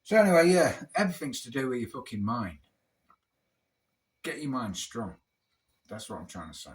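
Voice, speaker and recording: A man's voice: mid-range voice, very animated, normal speed, long pauses. A British man talking in a casual, rambling monologue over a beer, blunt and swearing heavily. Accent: British English. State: drinking beer. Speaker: vlogger.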